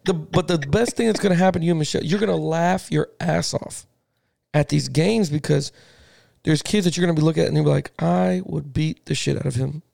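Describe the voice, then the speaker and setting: A man co-hosting a casual sports podcast, an animated, profane storyteller who keeps saying "listen to me". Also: fairly high pitch, brisk, gravelly, no echo, clean studio sound. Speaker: podcast co-host.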